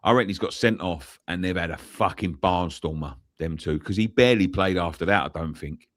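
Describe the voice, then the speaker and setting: Man, very low voice, dry close sound, chatty and repetitive. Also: fairly quick, dry recording. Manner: chatty, repeats himself, theorizing. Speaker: fan channel co-host. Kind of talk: casual football debate.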